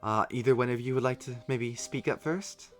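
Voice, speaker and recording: A man narrating as game master for a tabletop role-playing game, relaxed and full of filler words. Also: mid-range voice, moderate pace, soft background music. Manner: relaxed narration with frequent ums.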